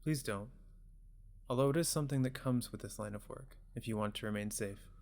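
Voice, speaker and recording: A man doing a soft-spoken tender father. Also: medium pitch, fairly quick, close to an everyday voice. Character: gentle, tired father of a young woman.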